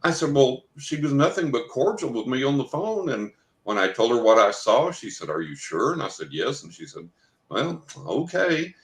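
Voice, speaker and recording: This psychic guest speaks at medium pitch, briskly and expressively, while recounting a lengthy story on a podcast. He's anecdotal and voices the other people in the tale through quoted dialogue, all captured with a roomy echo.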